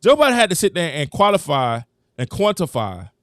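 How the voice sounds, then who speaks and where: Animated man hosting a sports live stream. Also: a little high, brisk, no echo, studio quality. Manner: animated, emphatic, thanks viewers, talks straight to chat. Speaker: host.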